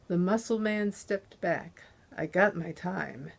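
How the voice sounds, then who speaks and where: Woman author, slow and deliberate reading of her crime novel, close on a dynamic mic. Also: on the low side, gravelly. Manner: measured, deliberate narration. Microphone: close handheld dynamic USB mic.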